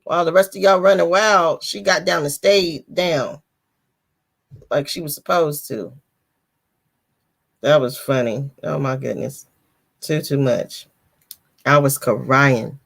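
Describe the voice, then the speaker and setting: A woman's voice: lowish voice, gravelly. A woman hosting a live book discussion, chatting casually with slang and frequent laughter.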